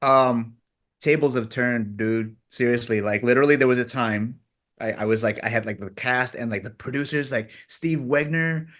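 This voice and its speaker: A man's voice: mid-range voice, normal speed, a bit bright. A man, a film director guest on a podcast, telling a story animatedly and self-deprecatingly, acting out what others said. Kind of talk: casual interview chat.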